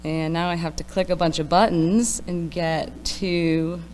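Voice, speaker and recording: A woman's voice: fairly low pitch, steady tone, a little slow, a little mellow, in a large hall, a little hiss or hum. A woman reading her poems at an open mic night, with casual, self-deprecating asides between them. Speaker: poetry reader. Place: library event room.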